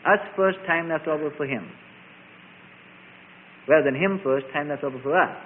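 High-voiced preacher guy, really animated delivery, sounds like it's over a phone line. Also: normal speed, slight background noise. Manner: emphatic, repeats and contrasts key phrases. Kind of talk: sermon. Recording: tinny phone-like sermon recording.

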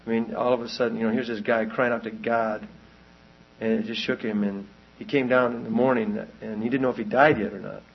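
A man's voice: medium pitch, little pitch movement, fairly quick, slightly rough, muffled recording. A man preaching a sermon, telling a long story in a loose, rambling way and then pressing his point with rising urgency.

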